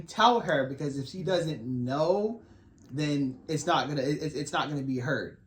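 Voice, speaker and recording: Folksy man co-host, slightly high voice. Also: measured pace. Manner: relaxed, folksy, speaking to other men. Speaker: podcast co-host. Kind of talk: faith-based casual chat.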